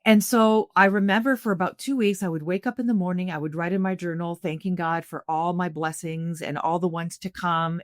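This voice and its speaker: A woman's voice: lowish voice, normal speed, few pauses, no echo, studio quality. Earnest middle-aged Canadian woman telling a story. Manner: earnest, animated retelling with frequent restarts. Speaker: podcast guest. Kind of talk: conversational storytelling.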